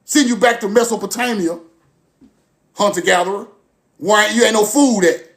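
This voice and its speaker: Talking directly to the camera, this man launches into a heated, foul-mouthed monologue at a moderate pace. His pitch runs high, he keeps looping back to certain phrases, and he alternates loud, forceful outbursts with quiet muttering.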